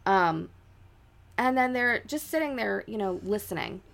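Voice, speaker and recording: A woman's voice: mid-range voice, expressive, measured pace, creaky, a bit bright. A young adult woman co-hosting a podcast, telling a ghost story in a casual, chatty way, full of "like" fillers and dramatic quoted voices. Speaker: podcast co-host.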